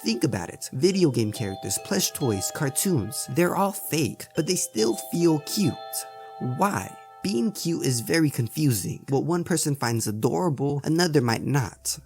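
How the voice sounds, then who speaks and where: A man with a fairly high, lively voice narrating a scripted video essay. He keeps asking the listener rhetorical questions. Clear background music plays under him. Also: measured pace. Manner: asks many rhetorical questions.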